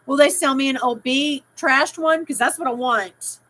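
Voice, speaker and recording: A woman's voice: sits high, moderate pace, fairly bright tone, poor audio. A middle-aged woman hosting a casual live stream, rambling and reading out viewers' chat comments with easy laughter. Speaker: livestream host.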